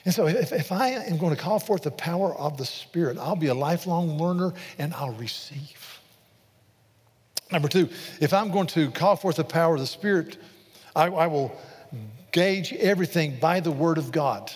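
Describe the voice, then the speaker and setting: A man preaching a sermon, telling a story with animated, repetitive delivery and acting out the quoted preacher. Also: fairly high pitch, moderate pace, husky. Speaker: pastor. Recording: long reverb of a large hall.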